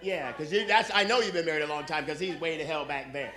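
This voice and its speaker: A man's voice: fairly high pitch, steady tone, fast, noisy background. A middle-aged man doing stand-up comedy, brash and profane, teasing the audience from a club stage. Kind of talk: stand-up comedy with crowd work. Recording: live club recording with audience laughter.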